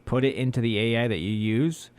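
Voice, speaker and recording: A man's voice: medium pitch, steady tone, brisk, darkish tone. A man co-hosting a community radio show, chatting casually and rambling, laughing often and slipping into quoted voices. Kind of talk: casual on-air banter.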